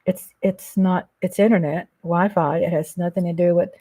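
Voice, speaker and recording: A woman hosting a casual livestream, reading viewers' comments aloud and chatting in a slow, affectionate way, often calling them baby and darling. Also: on the low side, fairly even intonation, warm tone. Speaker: livestream host reading chat.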